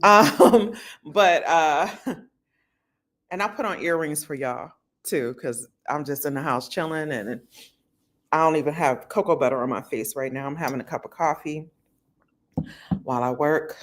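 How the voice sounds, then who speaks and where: Low-voiced woman vlogging casually from home. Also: a little slow, long pauses. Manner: chatty, uses fillers and slang. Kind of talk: casual talk to camera. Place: at home indoors.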